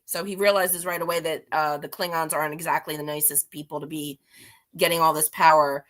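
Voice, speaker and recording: A woman's voice: low-pitched, steady tone, fairly quick, a bit bright. A woman giving a casual, rambling comic-book recap, chatty and self-deprecating with frequent restarts. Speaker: guest reviewer.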